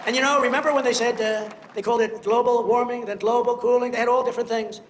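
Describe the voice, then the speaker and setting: A man's voice: very high voice, fairly even intonation, fast, roomy sound, some chatter behind, slight background noise. An older man giving a rambling, boastful speech, telling stories and mocking people.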